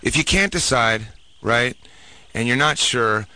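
A man's voice: medium pitch, expressive, unhurried, pushed and bright. A man co-hosting a call-in radio show, dry and wry as he gives callers advice. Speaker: radio co-host.

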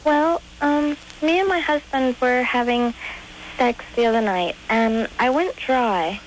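A woman's voice: fairly high pitch, unhurried, a little hiss or hum, low-quality recording. A young woman calling a radio show, with a small, little voice, speaking hesitantly and earnestly. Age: young adult. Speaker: caller. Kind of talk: call-in question.

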